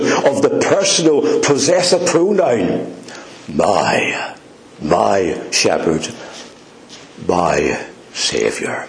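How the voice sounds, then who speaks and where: A man delivering a sermon at a slow, deliberate pace. His pitch swings widely as he leans on key words and stretches them out. The room around him rings with echo. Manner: slow, emphatic, drawn-out words. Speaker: preacher. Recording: echoey room.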